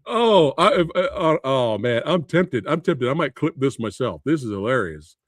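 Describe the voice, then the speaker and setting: A man hosting a casual livestream, reacting with laughter and loud exclamations, swearing freely. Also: medium pitch, sing-song, normal speed, no room sound. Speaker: movie review livestream host.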